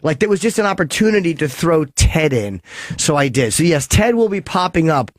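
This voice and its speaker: A male radio host fields callers in loose, crude chat that keeps cutting itself off. His voice sits a little high. The studio sound is close and dry, with no room in it. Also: big pitch swings, a little fast, no room sound. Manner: rambling, self-interrupting, crude. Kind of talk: casual radio talk taking calls. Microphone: studio microphone.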